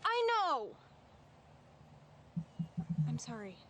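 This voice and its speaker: Lead: young woman after a breakup, played by an actress, wry and defensive, halting phone talk, mid-range voice. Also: mid-range voice, a little hiss or hum, close to an everyday voice. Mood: upset. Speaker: lead character in a short film. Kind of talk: naturalistic film acting.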